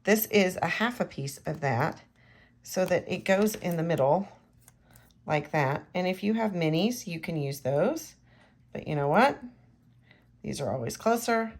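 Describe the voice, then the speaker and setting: A woman's voice: on the low side, expressive, measured pace, pauses often. A woman demonstrating card making in a chatty tutorial, talking straight to the viewer and often dropping to a near-whisper as she works. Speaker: craft demonstrator. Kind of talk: hands-on crafting tutorial.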